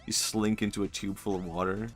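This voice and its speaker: A male streamer riffing on a game in casual commentary, joking around and breaking into laughter, with the odd swear. His voice sits fairly low, with faint game music playing underneath. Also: little pitch movement, a little fast.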